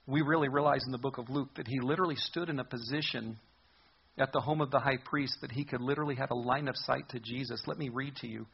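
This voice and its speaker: A man's voice: medium pitch, fairly even intonation, fast talker, gravelly, breathy edge, highs cut off. A man preaching a sermon as a pastor, earnest and conversational in his delivery.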